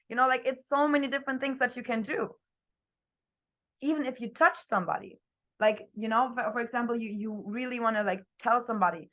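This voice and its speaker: A young woman coaching her team on a video call, talking energetically and expressively, her voice swinging between loud and soft. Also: fairly high pitch, a little fast, lo-fi sound. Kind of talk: motivational talk on a group video call.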